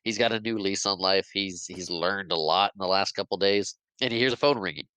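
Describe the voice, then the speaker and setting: Male podcast co-host, chatty animated recap, bright clear voice, dry sound. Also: low-pitched, a little fast, dry recording, poor audio. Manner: chatty, animated retelling with acted quotes. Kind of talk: casual film recap.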